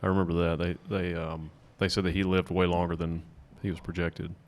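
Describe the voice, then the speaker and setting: Co-host, man, very deep voice, laid-back interviewer. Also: brisk. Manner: relaxed, short agreeing replies. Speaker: podcast co-host. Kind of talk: casual chat.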